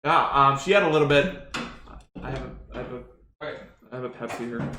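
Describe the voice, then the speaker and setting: Bright-voiced young Canadian man, rambling. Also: medium pitch. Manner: rambling, quick, full of restarts. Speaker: podcast co-host. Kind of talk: casual chat. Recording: echoey room.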